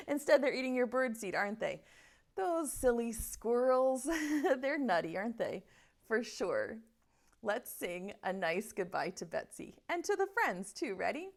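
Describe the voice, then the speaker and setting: Woman, online preschool teacher, high and very lively, slow sing-song delivery. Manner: slow sing-song teacher talk, chanting along with children. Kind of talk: online preschool circle time.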